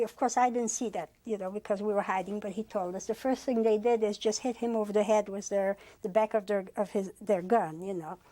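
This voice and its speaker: A woman in her eighties from France, giving oral history testimony as a Holocaust survivor and retelling conversations with frequent "he says" and halting fillers. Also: on the high side, warm tone.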